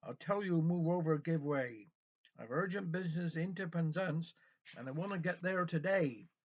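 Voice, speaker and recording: A man's voice: a little high, moderate pace. A man voicing an impatient, arrogant country squire in a rhymed story, on a dull lo-fi recording.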